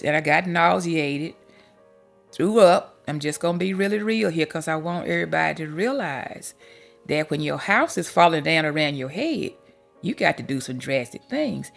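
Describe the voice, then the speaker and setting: A woman's voice: low voice, vocal fry, fairly bright tone. A woman podcast host and life coach telling her own story candidly, with homespun sayings, emotional at times. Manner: heartfelt and candid, with folksy sayings. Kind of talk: personal testimony storytelling.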